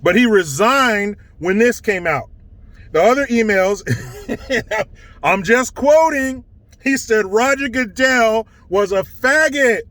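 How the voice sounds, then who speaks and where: High-voiced man ranting slowly. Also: expressive, a bit bright, dry recording. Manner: profane, mocking, sarcastic. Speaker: online commentator. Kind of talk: ranting commentary.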